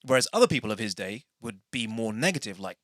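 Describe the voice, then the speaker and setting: A man's voice: lowish voice, animated, quick pace, a bit bright, no room sound, clean studio sound. A man hosting a casual podcast, rambling through tangents and correcting himself as he goes. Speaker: podcast host.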